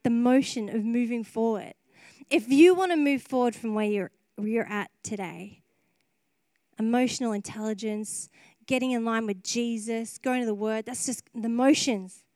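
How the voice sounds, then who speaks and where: An earnest woman preaching a heartfelt sermon, her voice sitting a little high. She talks openly and emotionally, often breaking into laughter between phrases. The sound is dry and close, with little room echo. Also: a little mellow. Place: church service.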